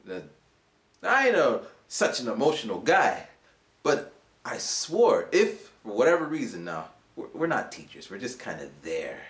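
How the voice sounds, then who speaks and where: A man around forty, an English teacher, casually telling a rambling story for his vlog. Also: normal speed. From United States. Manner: animated, rambling, acts out voices in a high pitch. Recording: roomy echo.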